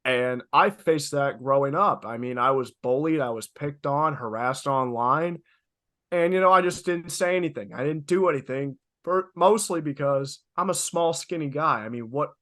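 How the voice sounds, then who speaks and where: Bright, animated man on a podcast. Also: fairly high pitch, normal speed. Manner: animated, emphatic, playful exaggeration. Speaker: podcast co-host. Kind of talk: casual chat.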